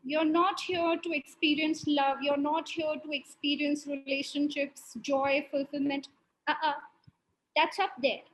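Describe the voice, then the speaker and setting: A woman's voice: high-pitched, flat delivery, measured pace, hardly any pauses, a little hiss or hum, low-quality recording. A woman spirit medium relaying a spirit's words, prefacing quotes with "he's saying" and often laughing.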